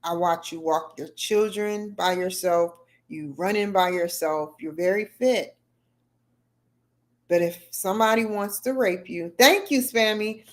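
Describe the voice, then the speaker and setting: Lowish and unhurried, this middle-aged livestream host chats and rambles casually while talking back to comments from her viewers.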